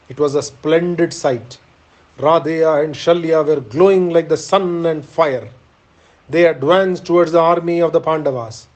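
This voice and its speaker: A man narrating an ancient epic, reading in a measured, solemn way. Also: fairly high pitch, a little mellow, poor audio. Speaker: reader.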